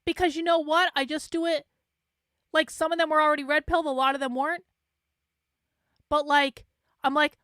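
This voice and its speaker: A woman hosting a casual monologue, blunt and exasperated, swearing freely and mocking others in flat mimicking asides. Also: high-pitched, normal speed, long pauses, dry recording, studio quality. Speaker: online commentator host.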